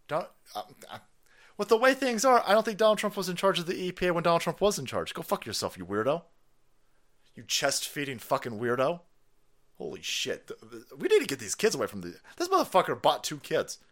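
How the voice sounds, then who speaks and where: A man's voice: on the high side, very animated, brisk, fairly bright tone. Sweary guy ranting on a stream, sarcastic, voice jumping up and down a lot. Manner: foul-mouthed, sarcastic, mocking, ranting. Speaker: streamer, political commentator. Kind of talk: profane political rant on a stream.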